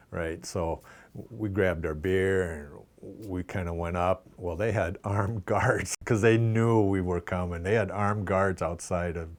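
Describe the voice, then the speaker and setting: A man in his sixties from Minnesota, a former hockey player telling casual, self-mocking anecdotes as an interview guest. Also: low-pitched. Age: 60s. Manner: lively yarn-spinner, self-mocking, acts out dialogue.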